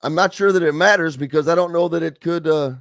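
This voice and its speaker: A man's voice: on the high side, quick pace, gravelly, no room sound. Chatty male sports radio host. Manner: chatty, rambling, reads listener comments aloud. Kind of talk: casual sports talk radio.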